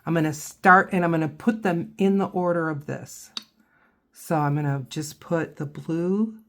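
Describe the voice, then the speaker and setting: A woman's voice: low-pitched, a little slow. A woman giving a casual painting tutorial, chatting and thinking aloud as she works. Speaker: watercolor instructor.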